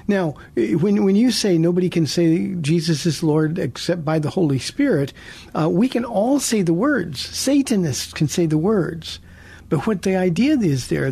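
Earnest on his call-in Bible program, the sixtysomething radio pastor often restarts, repeating himself. His voice is high-pitched, creaky, mellow, and slightly rough.

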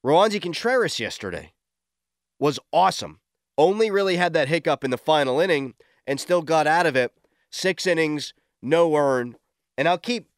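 An excitable man hosts a morning sports talk radio show. His voice sits fairly high and sounds dry and close to the mic. He is quick to shout in disbelief. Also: dry recording.

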